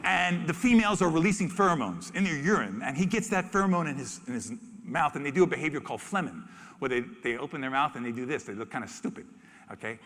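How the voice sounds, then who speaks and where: A man giving a lively, storytelling talk from an expo stage as a zoo spokesperson, acting out animals in funny voices. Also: a little high, fast talker. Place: expo main stage in a large hall. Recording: reverberant large hall.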